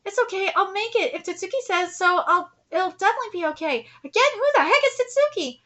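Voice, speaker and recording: A woman's voice: extremely high pitch, animated, fast, sharp tone, muffled recording. A woman streamer reading manga aloud and reacting live, emotional and near tears, with laughing asides.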